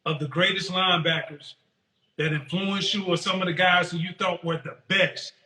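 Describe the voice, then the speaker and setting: A man's voice: sits high, fairly even intonation, moderate pace, sharp tone, roomy sound, rough recording. A podcast host, a man, asking a long, winding interview question.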